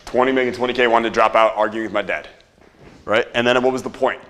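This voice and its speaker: A young man running a live marketing workshop, energetic, quizzing the audience and swearing casually. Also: mid-range voice, fast.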